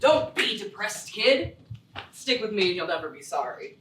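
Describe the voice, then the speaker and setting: An actress playing a preachy, big-headed young surfer who lectures a friend. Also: female voice, mid-range voice, very animated, normal speed, a bit bright, slight background noise. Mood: lecturing. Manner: lecturing, smug. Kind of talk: live stage acting. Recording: echoey theatre stage from far off.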